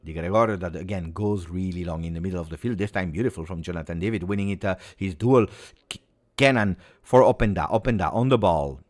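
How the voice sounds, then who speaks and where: A man giving live football reaction commentary, excitable play-by-play mixed with exclamations. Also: low voice, quick pace. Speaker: football watch-along streamer.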